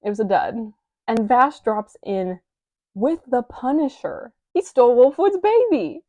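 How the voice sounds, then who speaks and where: A woman's voice: on the high side, big pitch swings, measured pace, mellow, no room sound, highs cut off. Chatty young woman reviewing. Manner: chatty, wry, playful asides. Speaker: manga reviewer. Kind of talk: casual scripted review.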